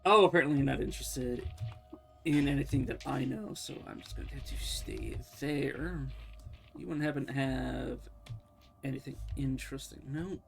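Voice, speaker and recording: A man's voice: mid-range voice, moderate pace, creaky. A man streaming a game, rambling in casual commentary, swearing and talking to the characters on screen. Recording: faint game music underneath.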